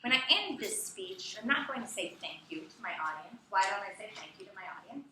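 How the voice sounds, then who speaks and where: A woman teaching a class, talking in a chatty, animated way and often asking the students questions. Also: medium pitch, a little fast. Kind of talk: classroom lecture. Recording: echoey classroom from far off, with background noise.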